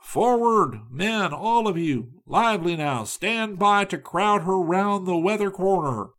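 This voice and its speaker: A man voicing a commanding male raft captain who shouts his orders. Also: sits high, animated, slow, voice pushed up, exaggerated voice. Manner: barked commands, loud and raised.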